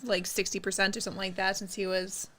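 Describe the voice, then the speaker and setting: A woman's voice: medium pitch, level tone, quick pace, bright, forceful tone. A woman co-hosting a podcast in casual conversational chat. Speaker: podcast co-host.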